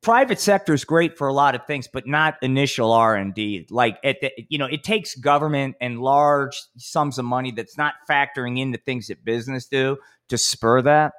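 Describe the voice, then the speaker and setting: A man hosting a podcast, riffing in a rambling, profane, animated way. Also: mid-range voice, moderate pace, few pauses, clean tone. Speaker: podcast host.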